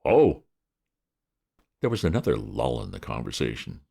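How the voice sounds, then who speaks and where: A man reading a comic novel aloud with lively, wry narration. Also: a bass voice, normal speed, vocal fry. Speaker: reader of classic fiction. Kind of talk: audiobook narration.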